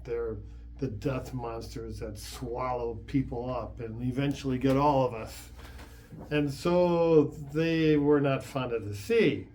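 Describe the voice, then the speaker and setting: Parish priest, man, mid-pitched and unhurried, chatty homily full of restarts. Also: darkish tone, a little hiss or hum. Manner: conversational, with frequent repeats and chuckles. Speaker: Catholic priest. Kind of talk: informal homily.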